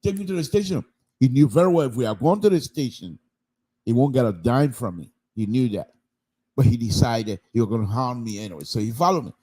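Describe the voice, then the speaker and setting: A man, commenting on public radio through animated anecdotes and repeated phrases for emphasis. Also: mid-range voice, fairly quick, slightly rough. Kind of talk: call-in style public affairs talk.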